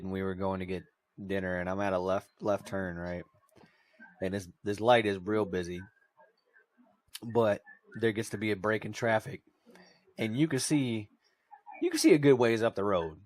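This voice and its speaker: A man's voice: on the low side, normal speed, dry recording. This is a man in his thirties, heard on a dry mic with hardly any room sound. He is in the middle of a casual podcast chat, ranting through stories. His talk is loaded with swearing. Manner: ranting, worked-up storytelling with heavy swearing. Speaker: podcast co-host.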